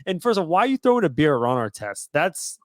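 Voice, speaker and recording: A man co-hosting a casual sports podcast, talking in a relaxed, rambling way with plenty of fillers. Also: fairly high pitch, fast talker, dry recording, clean studio sound. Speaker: podcast co-host.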